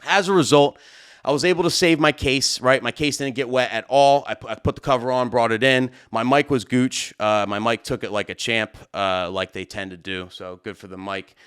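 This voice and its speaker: A man, a wedding DJ, telling a story to camera in a rambling, excitable way, full of fillers and "right?" tags. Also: medium pitch, normal speed, smooth.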